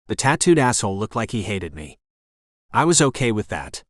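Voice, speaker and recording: A man's voice: fairly low pitch, sing-song, moderate pace, dry recording. A man narrating a romance audiobook in the first person, with an intense, dramatic delivery on a studio microphone.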